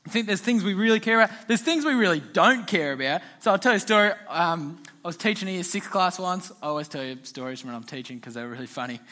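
A young man giving a youth talk in a relaxed, chatty way, telling stories and laughing often. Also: high-pitched, quick pace, hardly any pauses. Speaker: youth pastor.

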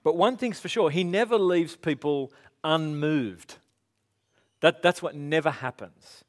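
A man's voice: on the high side, unhurried. A man giving a conversational sermon as pastor, chatty and rambling with self-deprecating asides.

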